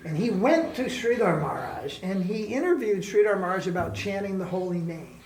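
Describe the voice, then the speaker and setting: A man's voice: high voice, animated, a little fast, darkish tone, slight background noise. A man giving an informal spiritual class, joking, laughing often and imitating how people chant. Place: ashram class room. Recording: echoey room with faint background ambience.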